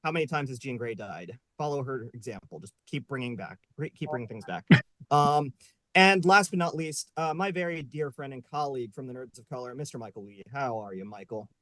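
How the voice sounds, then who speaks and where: A man's voice: medium pitch, lively intonation, brisk, fairly bright tone, dry recording. A man hosting a live online panel show, upbeat and joking, with many fillers. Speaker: host. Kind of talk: casual live panel chat.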